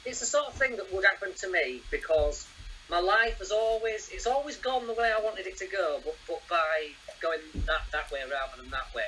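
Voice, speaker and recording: Animated rambling man. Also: high-pitched, moderate pace, a little hiss or hum, low-quality recording. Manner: animated, rambling storyteller who acts out voices. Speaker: guest. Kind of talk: casual interview chat.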